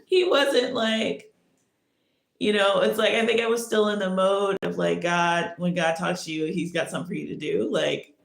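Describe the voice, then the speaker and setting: A woman's voice: mid-range voice, steady tone, normal speed. A woman hosting a podcast, telling a personal story in a rambling way, with many restarts. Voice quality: creaky. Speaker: podcast host. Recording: echoey room.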